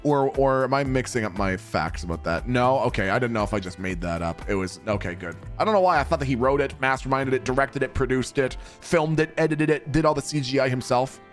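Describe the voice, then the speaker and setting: Over game music, a young male streamer talks with his viewers in a relaxed way, cursing and laughing often. He speaks with a medium pitch, animated and a little fast, with hardly any pauses.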